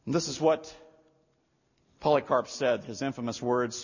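A male pastor preaching a sermon, telling a story and building to loud, emphatic peaks. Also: mid-range voice, moderate pace, pauses often, slightly rough. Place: church sanctuary. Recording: dull lo-fi audio with long hall reverb.

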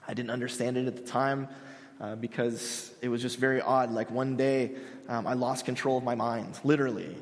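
A young man in his twenties preaching a sermon, earnest and halting, with frequent restarts. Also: mid-range voice, in a large hall. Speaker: pastor.

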